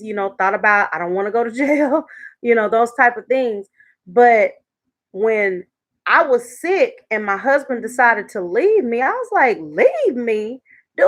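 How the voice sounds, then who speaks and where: Woman, live-stream host, casual chat, laughs a lot, fairly high voice. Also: a bit bright. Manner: chatty, laughs often, talks to viewers.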